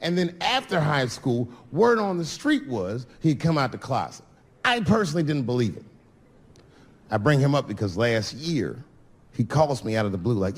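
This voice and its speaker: A man performing a stand-up comedy set, telling a story with lively shifts of voice as he acts out both sides of his phone calls. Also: mid-range voice, brisk, husky. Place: comedy venue with laughing audience.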